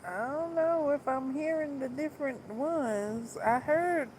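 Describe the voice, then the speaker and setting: A woman chatting casually on a book vlog, rambling and circling back to repeat herself. She talks at an unhurried, slow pace and laughs often. A faint hum of room ambience sits behind her voice. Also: high-pitched, darkish tone, low-quality recording. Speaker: book vlogger. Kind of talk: casual chat.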